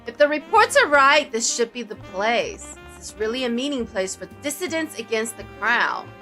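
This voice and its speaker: A woman streamer narrating a visual novel with playful, jokey, excitable asides. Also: on the high side, moderate pace, faint music behind. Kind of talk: playful game commentary and narration.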